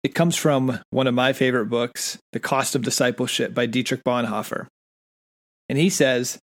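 This is an American man co-hosting a conversational podcast. His voice is mid-pitched, and he talks in an earnest, thoughtful way, often stopping to restart his sentences. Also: steady tone, moderate pace. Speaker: podcast co-host. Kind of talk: casual podcast chat.

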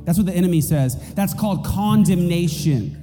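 A man's voice: high-pitched, moderate pace, mellow. A man preaching a sermon in a church, emphatic and repeating his key points, in a reverberant hall with faint music. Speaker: pastor.

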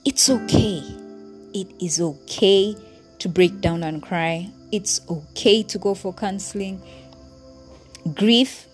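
A woman's voice: medium pitch, slow pace, long pauses, soft background music. A woman hosting a podcast, speaking earnestly and from the heart straight to her listeners in a reflective personal monologue. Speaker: podcast host.

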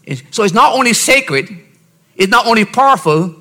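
A male pastor preaching a sermon with emphasis, dropping to soft asides and rising to shouted points, often asking his listeners "See?". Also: sits high, expressive, moderate pace. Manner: keeps checking on listeners with "See?".

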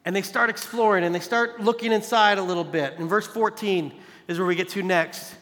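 A man with a high, bright voice speaks briskly, preaching a sermon in a conversational way at an evening service in a large hall. He calls his listeners "you guys" and builds emphasis by repeating phrases, and the big room is audible in the sound.

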